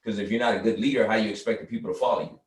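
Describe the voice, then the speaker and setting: A man from the South Carolina Lowcountry, a guest in an interview, explaining his work earnestly and often saying "you know". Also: steady tone, racing, roomy sound, recorded from a distance. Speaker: guest, artist and cultural foundation founder. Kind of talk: conversational interview.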